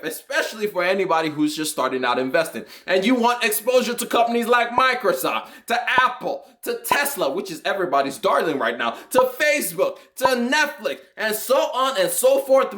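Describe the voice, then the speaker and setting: A young man casually explaining investing basics in an animated, joking way, sometimes shouting with excitement. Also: sits high. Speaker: finance YouTuber.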